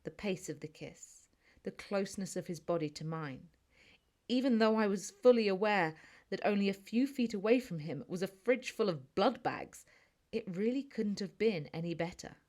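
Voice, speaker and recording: A woman's voice: mid-range voice, lively intonation, normal speed, a little mellow. A woman with a British accent narrating a first-person audiobook in a chatty, snarky, conversational manner.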